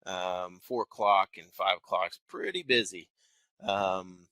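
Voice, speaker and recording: Sharp-voiced man with faint Texan twang. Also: deep voice, slow pace, dry recording, rough recording. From Texas. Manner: conversational, careful enunciation. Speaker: wealth manager hosting a webinar. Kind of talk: live webinar presentation. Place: office building.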